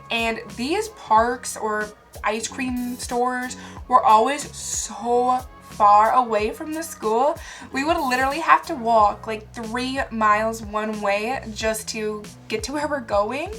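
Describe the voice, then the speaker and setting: Speaking to camera in a casual vlog, a young woman with a slightly high, fairly bright voice tells funny stories about herself, chatting freely and laughing frequently.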